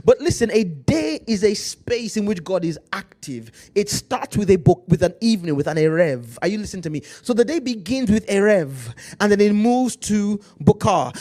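A man's voice: high voice, big pitch swings, dark tone. Emphatic preaching man with an African accent. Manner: emphatic preaching, slows to read scripture, calls out to the congregation. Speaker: pastor. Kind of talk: sermon.

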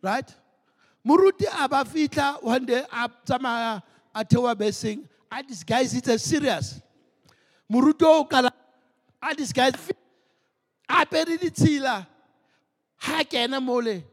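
A male pastor delivers an emphatic sermon in a very high voice, mixing Sesotho and English. He drives each point home with strong emphasis. His voice hangs in the long reverb of a church hall. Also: a little slow, long pauses.

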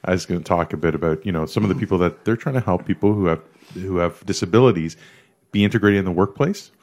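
A podcast co-host in casual chat, telling lively stories and acting out loud voices. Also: male voice, low-pitched, fast.

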